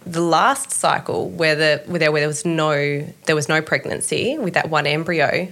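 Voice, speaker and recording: A woman, telling her story in an interview, animated and laughing often as she acts out what people said. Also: deep voice, moderate pace. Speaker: interview guest. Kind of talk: candid conversational storytelling.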